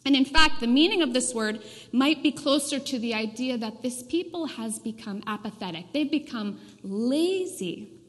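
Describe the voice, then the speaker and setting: A woman's voice: on the high side, fairly bright tone. A woman preaching a sermon in a church, telling a story in a conversational way. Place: church sanctuary. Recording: reverberant church hall.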